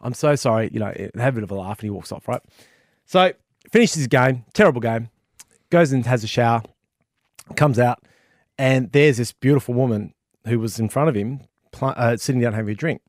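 Lively Australian podcast co-host, dry close sound, mid pitch. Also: male voice, fairly quick, no room sound. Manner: lively, hyped-up storyteller. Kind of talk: casual chat, joke telling.

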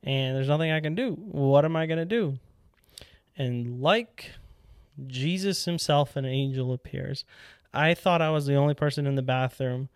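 A young man telling a casual, animated story as a powerlifting vlogger, acting out his own past lines with sudden excited jumps in voice. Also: moderate pace, clear, resonant tone, no room sound, clean studio sound. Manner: animated, quotes himself in excited high voice.

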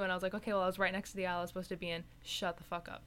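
A woman's voice: medium pitch, level tone, very fast, few pauses, fairly bright tone, clear, resonant tone. A young woman who works stocking shelves, telling a story in a rambling, profane way with lots of "like.". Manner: rambling, filler-heavy, profane. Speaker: retail stocker. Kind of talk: casual venting chat.

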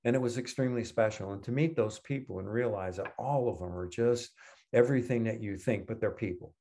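Low-voiced older man telling rambling stories. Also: fairly quick, warm tone. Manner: rambling anecdotes with self-corrections. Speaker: podcast co-host. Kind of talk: casual storytelling.

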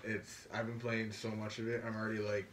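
Young canadian dude co-hosting, low voice, lots of likes and ums, bit of background noise. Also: male voice, a little fast. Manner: excited, rambling, many fillers. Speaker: podcast co-host. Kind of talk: casual chat.

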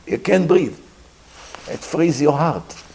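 Man, rabbi's sermon, unhurried delivery, slightly high voice, acts out sounds. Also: expressive, vocal fry, a little mellow, breathy edge. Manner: storytelling with dramatic pauses and acted-out sounds.

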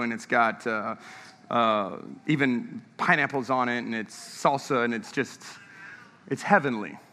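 A man's voice: medium pitch, sharp tone. A man preaching a sermon, telling stories with energy and laughing often. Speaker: pastor. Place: church sanctuary. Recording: long echo of a large church hall.

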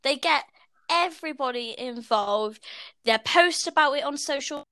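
Bright high-voiced British woman. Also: measured pace, no echo. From Britain. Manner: chatty, giggly storytelling. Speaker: podcast co-host. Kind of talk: casual chat.

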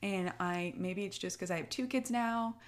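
Speaking at a moderate pace in a medium-pitched voice, this young woman co-hosts a podcast and is a military spouse. Her casual, heartfelt chat comes out emotional and tearful, rambling along with many fillers.

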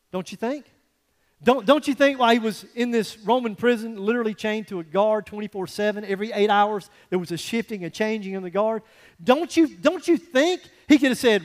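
A male pastor giving a conversational, animated sermon with folksy asides to the congregation. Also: high-pitched, in a large hall.

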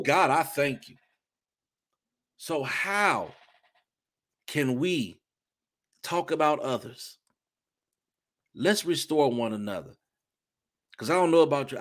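A man preaching a fervent testimony sermon, with sudden loud bursts of praise between softer reflective stretches. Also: a little high, animated, unhurried, pauses often. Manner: shifts between soft reflection and shouting. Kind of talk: impassioned sermon.

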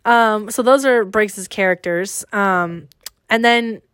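A woman's voice: medium pitch, takes it slowly, a bit bright, smooth, dry recording. A woman hosts a casual podcast in an upbeat, chatty way, steering the talk with questions. Her voice sits mid-range and sounds dry and close, with no room around it. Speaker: podcast host. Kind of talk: casual chat.

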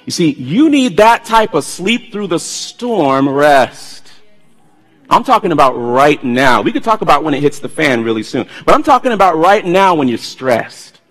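A man preaching a sermon, telling stories in an animated way and swinging from loud bursts to hushed tones. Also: on the high side, normal speed. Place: church sanctuary. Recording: long hall reverb.

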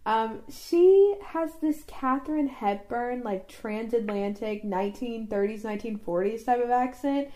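Woman, higher pitch, warm dark timbre, relaxed casual chat. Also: unhurried, hardly any pauses. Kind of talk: casual chat reviewing a movie.

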